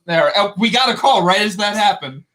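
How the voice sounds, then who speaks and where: A man's voice: sits high, expressive, fairly quick, bright, forceful tone. A man co-hosting a live call-in stream, joking and sarcastic. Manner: sarcastic, jokey. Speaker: co-host.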